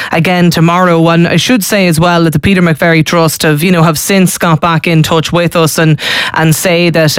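A woman's voice: fairly low pitch, no room sound, studio quality. A woman hosting a live radio phone-in show, talking conversationally and often restarting her sentences. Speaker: radio talk show host. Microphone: studio microphone.

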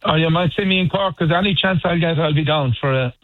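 A man's voice: fairly high pitch, fast talker, dry recording. Irish man on a tinny phone line. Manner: chatty storyteller, hesitant restarts. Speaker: band member guest. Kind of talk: phone interview.

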